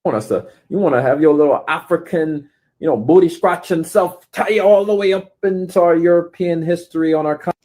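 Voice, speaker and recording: A man's voice: a little high, a little fast, a little mellow. A man in a social media clip, talking in a preachy, confrontational way.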